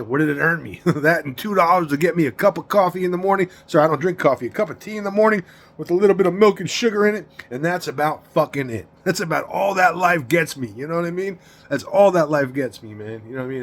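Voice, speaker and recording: A man's voice: on the high side, a little hiss or hum. A man in his forties giving a rambling, profane confessional monologue about his past, repeating himself and laughing between lines. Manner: rambling, profane, repeats words, frequent "you know what I mean". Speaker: vlogger recounting his past.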